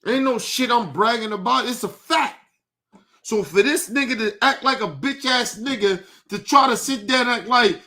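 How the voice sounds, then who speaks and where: A young man with a high-pitched voice rants on a livestream. He talks heatedly and profanely and circles back to the same complaints. His tone is bright and cutting. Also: animated, normal speed. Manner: heated, profane, repetitive ranting. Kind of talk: livestream rant.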